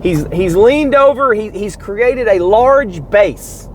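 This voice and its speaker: A man with a fairly high, very lively voice hosts his own podcast in a loose, comedic monologue. He mocks what he describes and bursts into acted-out sounds and chants, with a faint hum behind him. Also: takes it slowly, rough recording. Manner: animated, mocking, acts out sounds and chants. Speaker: podcast host.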